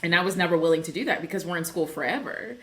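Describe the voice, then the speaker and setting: A woman's voice: on the low side, very fast. A woman in her thirties, a clinical psychologist, talking candidly on a video call and acting out voices in her stories. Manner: animated, laughs, acts out quoted voices. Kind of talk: candid conversational storytelling.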